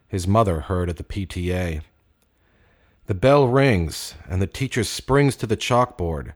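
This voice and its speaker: A man narrating a story in a measured, deliberate way with dry wit. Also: on the low side.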